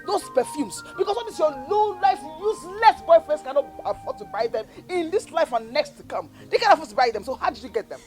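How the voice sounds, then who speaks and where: Loud taunting Nigerian sister, high and swooping voice, bossy bully. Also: female voice, expressive, a little fast, few pauses, soft background music. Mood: mocking. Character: scornful bossy young woman bully. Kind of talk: Nollywood film acting.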